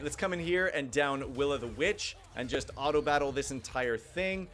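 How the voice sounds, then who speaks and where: A man's voice: medium pitch, animated, moderate pace, hardly any pauses, fairly bright tone, faint music behind. A young man casually commenting on his game live, thinking aloud and reading viewer chat. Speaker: gaming livestreamer.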